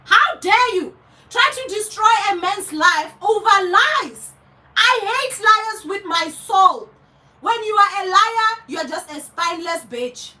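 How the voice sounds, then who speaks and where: South African woman, young vlogger, very high, sharp voice, furious profane rant, mic a bit distant. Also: lively intonation, takes it slowly. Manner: heated, profane, repeats herself for emphasis. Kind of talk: angry commentary rant.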